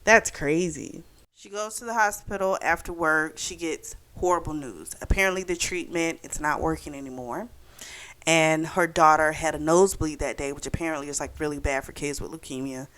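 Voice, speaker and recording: A woman's voice: low voice, normal speed, fairly bright tone. A young woman recapping a novel for her book club channel, talking casually with lots of "like" and "you know". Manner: chatty, full of "like" and "you know".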